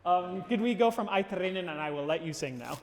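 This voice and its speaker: A man coaching a singer in a live masterclass, casual and animated, breaking into sung phrases to show what he means. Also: a little high, fast. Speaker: voice teacher leading a masterclass. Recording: roomy hall reverb.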